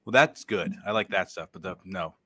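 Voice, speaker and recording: A man co-hosting a podcast in casual chat, loud and excitable, laughing and swearing often. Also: low-pitched, normal speed, husky. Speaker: podcast co-host.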